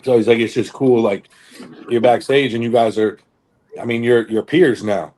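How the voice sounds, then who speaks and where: A young bodybuilder who co-hosts a podcast tells a long story in casual chat, rambling loosely with lots of fillers and swearing. His mid-range voice is slightly mellow, with fairly even intonation and a moderate pace.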